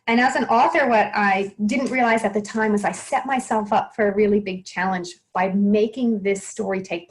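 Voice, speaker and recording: A woman's voice: mid-range voice, rough recording. A woman, a children's author and illustrator, answering interview questions in a chatty, self-deprecating way with frequent restarts.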